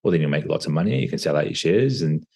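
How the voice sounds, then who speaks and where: A man's voice: rumbling low, lively intonation, fast talker, darkish tone, breathy edge, heavily acted. A man voicing an eager, persuasive American businessman in a told story. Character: eager male American businessman, pushy salesman.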